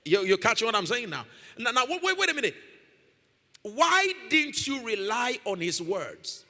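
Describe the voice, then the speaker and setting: A man preaching in a church hall with a very high, bright voice that rings through long reverb. He is emphatic, repeats his key lines and swings into sung-out phrases. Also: big pitch swings, unhurried. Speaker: pastor. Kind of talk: sermon.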